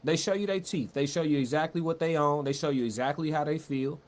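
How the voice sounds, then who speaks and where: Brisk and fairly high-pitched, a male streamer delivers loose, slang-filled commentary while going through chat. He restarts sentences and repeats words in a relaxed, conversational way.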